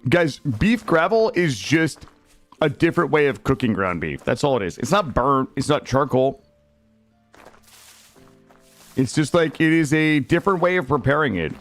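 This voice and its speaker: A man streaming a game live, excitable, swearing and talking to his chat. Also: fairly high pitch, normal speed, faint music behind. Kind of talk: live gameplay commentary.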